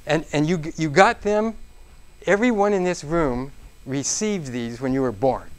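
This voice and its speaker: A man's voice: fairly high pitch, a little slow, clean tone. A man presenting a business seminar to a live audience in a room, talking interactively and checking in with the listeners again and again. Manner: interactive, checks in with frequent "okay?"; animated, acts out exclamations.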